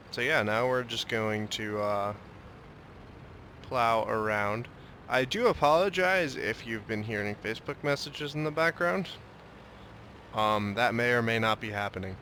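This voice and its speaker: Young male gameplay commentator, bright forward tone, joking mock-Russian asides, faint hiss behind. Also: lowish voice. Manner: joking, drifts into a mock Russian tank-talk.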